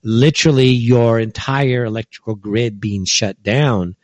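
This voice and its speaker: A man's voice: mid-range voice, measured pace, dry recording. A man from California, talking in a loose, rambling monologue full of fillers and little acted-out asides. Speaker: commentator. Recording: dull, dry lo-fi recording.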